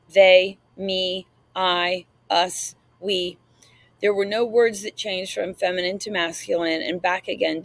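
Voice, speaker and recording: A woman narrates an audiobook in the first person, reading in a measured and reflective way. Her voice has a noticeable gravelly fry. The sound is dry and close to the mic. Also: medium pitch, no echo, low-quality recording.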